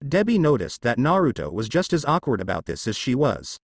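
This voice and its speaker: A man narrates a fan fiction story in a casual, lightly wry manner. His pitch sits in a middle range but moves a lot. The sound is close and dry. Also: huge pitch swings, brisk, husky, dry recording.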